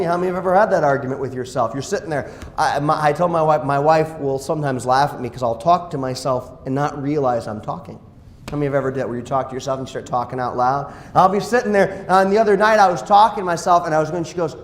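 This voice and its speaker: A male pastor preaching a sermon, dropping to quiet asides and rising to loud exclamations. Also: medium pitch, quick pace. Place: church sanctuary. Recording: echoey church hall.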